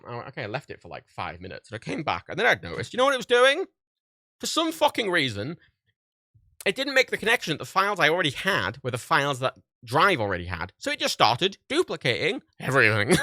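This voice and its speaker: Swearing, exasperated man with a bright voice. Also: medium pitch, huge pitch swings, fast talker, creaky, no echo, studio quality. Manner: profane, exasperated ranting storyteller; acts out quoted exchanges. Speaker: streamer. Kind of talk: casual livestream chat.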